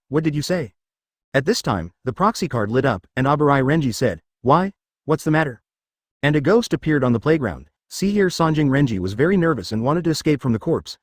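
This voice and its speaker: A man reading a web novel aloud as an audiobook narrator, every line in the same steady narrating voice. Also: mid-range voice, dry recording, clean studio sound.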